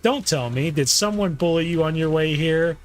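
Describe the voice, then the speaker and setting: A man's voice: a little high, moderate pace, close to an everyday voice. A man reading the lines of a playful, teasing young woman in a breezy manner.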